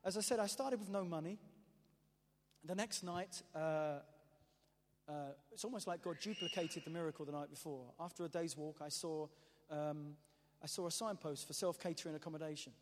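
A man preaching a testimony as an animated, self-mocking storyteller, often restarting his sentences. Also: a little high, normal speed. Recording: echoey hall reverb.

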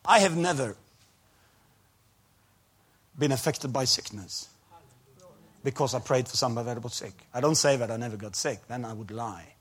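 This preacher's voice sits at medium pitch and sounds slightly rough, moving at a moderate pace with frequent pauses. Telling his testimony in non-native English, he alternates hushed narration with forceful, loud preaching.

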